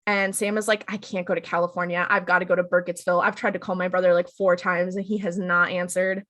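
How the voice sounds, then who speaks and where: A woman co-hosting a podcast, chatting through an episode recap and quickly acting out the characters' lines. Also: lowish voice, little pitch movement, a bit bright. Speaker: podcast co-host.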